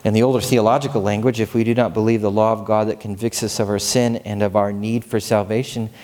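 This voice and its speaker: Man preaching a sermon, animated, keeps asking the crowd questions. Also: fairly low pitch, quick pace. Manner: animated storytelling with rhetorical questions. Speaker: pastor.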